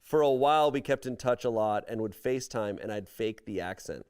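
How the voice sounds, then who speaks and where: A man's voice: fairly low pitch, animated, a little fast, darkish tone, smooth. A man hosting a casual comedic podcast, reading online stories aloud and adding wry, amused remarks. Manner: wry, amused commentary between read passages.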